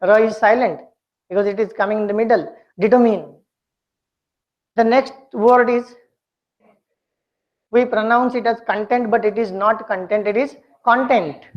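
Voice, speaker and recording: A woman teaching a pronunciation lesson, speaking slowly and deliberately and repeating words for her students to copy. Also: fairly high pitch, steady tone. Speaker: English communication skills teacher. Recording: dull lo-fi lecture recording.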